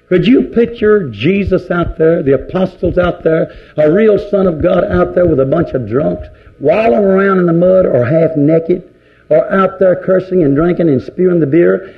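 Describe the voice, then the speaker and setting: Gravelly-voiced preacher, lo-fi. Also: male voice, fairly high pitch. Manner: fervent preaching, volleys of rhetorical questions. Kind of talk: sermon. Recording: dull lo-fi recording.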